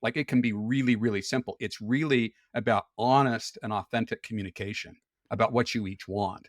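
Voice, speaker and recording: A man's voice: on the low side, fairly even intonation, fairly quick, no echo, studio quality. A man talking candidly as a podcast guest, explaining things frankly with occasional laughs. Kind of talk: casual conversation.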